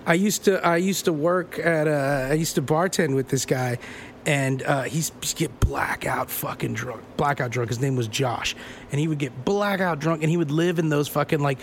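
High-voiced man swearing through bar stories. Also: normal speed, a little hiss or hum. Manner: profane storytelling, does voices of people in anecdotes. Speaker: podcast co-host. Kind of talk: casual chat.

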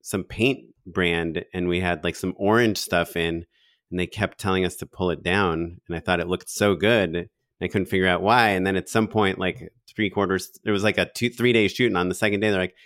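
A man hosting a podcast, telling stories in a relaxed way with many fillers. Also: sits low, fairly quick, dry recording, studio quality. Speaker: podcast host. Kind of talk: casual podcast chat.

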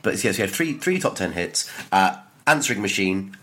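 A young man co-hosting a podcast in casual chat, telling a story with animated, mocking energy. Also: low voice, moderate pace. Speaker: podcast co-host.

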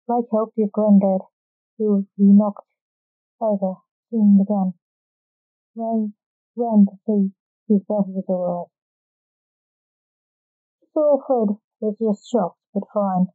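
A woman storyteller reading a story aloud in an even, measured way. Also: mid-range voice, dry recording, phone-quality sound.

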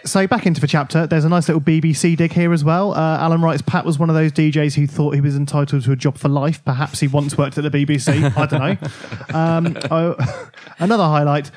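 A man's voice: fairly high pitch, steady tone, fairly quick, hardly any pauses, darkish tone. Wry man reading out excerpts. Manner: wry, laughs while reading passages aloud. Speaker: podcast host. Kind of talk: casual chat, reading book excerpts aloud.

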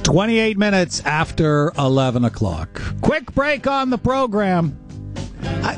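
A man's voice: sits high, wildly swooping pitch, slow, music in the background. A man hosting a talk radio show, skeptical and pushing back.

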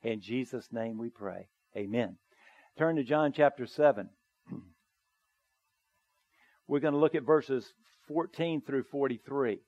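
A man's voice: medium pitch, measured pace, pauses often, darkish tone, no echo. Earnest male preacher, dry lo-fi sound. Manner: earnest, reads scripture aloud with rising emphasis. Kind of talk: sermon with scripture reading. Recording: dull, slightly lo-fi dry recording.

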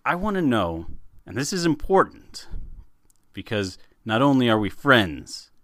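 A man co-hosting a podcast in casual chat, animated and laughing, often repeating words as he starts a sentence. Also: medium pitch, a little slow, no echo, studio quality. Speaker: podcast co-host.

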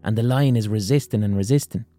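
Mellow-voiced man, frank casual talk. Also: lowish voice, fast, faint music behind. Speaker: podcast host. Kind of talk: casual psychology talk with storytelling.

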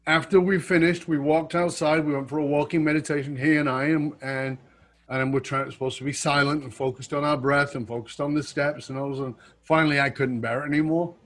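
Man, storyteller, slightly high, animated delivery. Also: a little fast. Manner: animated, acts out quotes, laughs at himself. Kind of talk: casual storytelling.

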